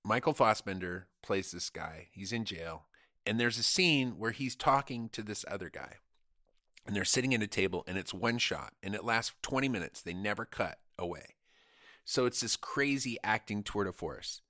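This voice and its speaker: A man's voice: lowish voice, expressive, normal speed, sharp tone, dry recording, clean studio sound. A man co-hosting a comedic podcast, talking in an insistent, jokey way. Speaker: podcast co-host.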